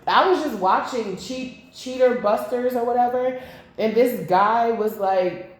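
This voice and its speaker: A woman's voice: on the high side, a little slow. Blunt woman tarot reader, very echoey room. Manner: blunt, profane, rambling asides. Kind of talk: casual tarot reading to camera.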